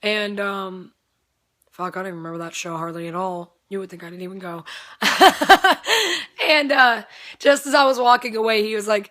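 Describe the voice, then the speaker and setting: A woman's voice: fairly high pitch, normal speed, bright, forceful tone. A young woman with a strained voice, casually telling a rambling story, swearing freely and laughing often. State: voice strained, not at full strength.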